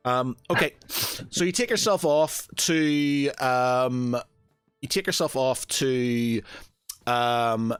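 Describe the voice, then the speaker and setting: A man's voice: mid-range voice, slow pace, fairly bright tone, smooth, no echo, faint music behind. A man narrating as game master, rambling with many fillers.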